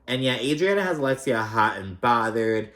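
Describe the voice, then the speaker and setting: A man's voice: medium pitch, animated, normal speed, fairly bright tone. Gossipy man in a roomy echo. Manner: chatty, gossipy and profane, with frequent fillers. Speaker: reality TV recap host. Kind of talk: casual recap commentary.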